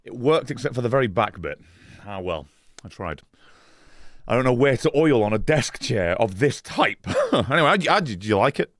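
A man's voice: mid-range voice, very animated, normal speed, fairly bright tone, no echo, studio quality. A man casually chatting on a live stream, rambling and swearing, laughing often as he reads chat.

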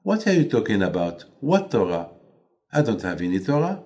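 A man's voice: lowish voice, very animated, moderate pace, mellow, pitched below the performer's own voice. A man voicing Moses as a humble leader who protests sharply, then speaks with reverence. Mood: indignant.

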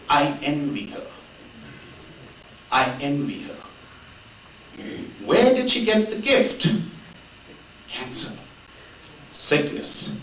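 Man telling stories in an echoey room. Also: on the high side. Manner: conversational storytelling with light humor. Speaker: speaker giving a spiritual talk. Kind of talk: storytelling talk on spiritual life. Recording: echoey room, mic at a distance, faint noise.

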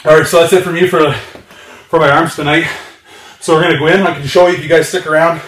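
A man's voice: on the high side, fairly even intonation, fast talker, a bit bright, echoey room, recorded from a distance. A man filming his own workout vlog, counting reps and urging viewers on while out of breath. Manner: encouraging, counts reps with strained exhales. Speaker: fitness vlogger. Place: home gym.

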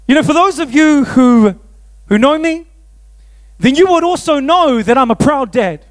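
High-voiced New pastor. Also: male voice, normal speed, pauses often. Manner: animated, self-mocking, laughs often. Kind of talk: storytelling sermon.

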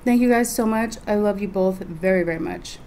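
A woman's voice: medium pitch, brisk, warm tone. Texan woman in her 30s, casual vlogger, chatty and profane, light noise behind. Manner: chatty, laughing, swearing, eating while talking. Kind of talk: casual storytelling vlog. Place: hotel room.

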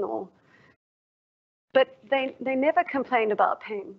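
Woman lecturer, reflective, poses questions to the room; slightly high voice, muffled livestream sound. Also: measured pace, vocal fry, long pauses. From South Africa. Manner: reflective, asks the audience questions. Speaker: professor giving a lecture. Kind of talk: formal public lecture. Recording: dull lo-fi livestream audio.

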